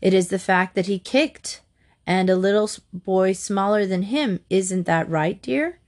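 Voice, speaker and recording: A woman doing a calm, level-headed storybook dad; firm. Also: medium pitch, unhurried, natural voice.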